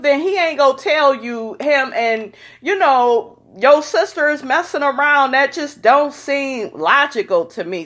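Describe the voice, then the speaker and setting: A woman's voice: high voice, a bit bright. Sassy, blunt woman recapping reality TV. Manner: sassy, blunt, says "honey" often. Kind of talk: casual opinionated recap.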